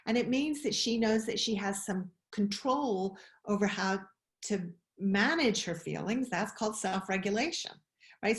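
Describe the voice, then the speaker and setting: A woman giving a webinar talk on child emotions, expressive, often asking questions. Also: medium pitch. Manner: expressive, acts out quoted voices, asks questions. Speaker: webinar speaker. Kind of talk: animated talk. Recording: roomy echo.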